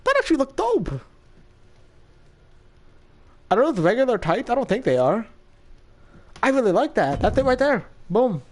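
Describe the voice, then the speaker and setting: A man's voice: high voice, fairly quick. Young guy doing casual game commentary, hyped and chatty, voice jumps around a lot. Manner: excitable, chatty, laughs often. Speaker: gaming YouTuber.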